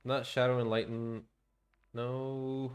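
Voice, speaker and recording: A man's voice: mid-range voice, flat delivery, slow pace, smooth. A man streaming a shooter game, rambling in casual commentary, muttering to himself and swearing now and then. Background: gunfire from the game.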